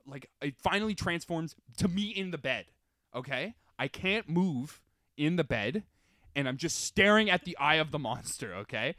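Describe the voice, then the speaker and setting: A young man co-hosting a podcast, telling a story in animated casual chat and acting out his own shouts. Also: a little high, dry recording, studio quality. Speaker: podcast co-host.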